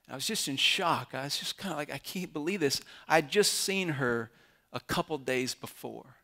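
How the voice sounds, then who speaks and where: Male pastor, forties, earnest sermon storytelling, emphatic builds, mid-pitched voice. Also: lively intonation, moderate pace, bright, forceful tone.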